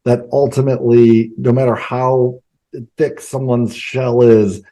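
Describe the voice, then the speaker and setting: A man hosts a faith-themed interview show and puts earnest, leading questions to his guest. His voice is very dark and mellow, pitched in a middle range. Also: flat delivery, unhurried. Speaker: podcast host.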